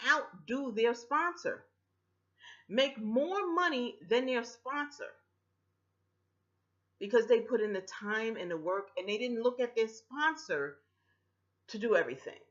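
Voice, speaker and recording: A woman speaks straight into her webcam at home, pressing her point with insistent repetition. Her pitch swings widely as she talks. The audio is muffled and lo-fi. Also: animated, takes it slowly, long pauses, sharp tone. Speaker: vlogger pitching a home business. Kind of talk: casual persuasive talk to camera. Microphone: built-in webcam mic.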